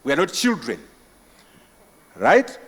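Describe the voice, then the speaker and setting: A Zimbabwean man giving a conference keynote and answering questions, emphatic and forceful, with repetition and rhetorical questions. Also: a little high, huge pitch swings, takes it slowly, breathy edge. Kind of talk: impassioned conference speech. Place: large conference hall. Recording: long hall reverb.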